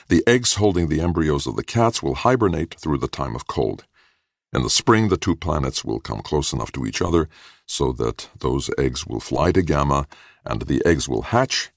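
A man narrating an audiobook in a measured, steady reading. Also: a bass voice, creaky, no room sound, studio quality. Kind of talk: scripted narration.

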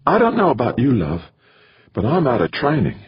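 A man's voice: medium pitch, huge pitch swings, moderate pace, breathy edge, muffled recording, voice pushed up, heavily acted. A man putting on V J, a teasing woman space traveler. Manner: teasing, impish.

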